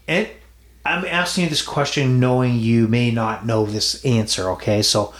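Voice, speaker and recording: A man hosting a sports betting podcast in a casual, teasing way. He talks at a middle pitch and tends to repeat himself. The room around him is echoey. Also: normal speed, fairly bright tone. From Toronto area, Canada. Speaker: podcast host.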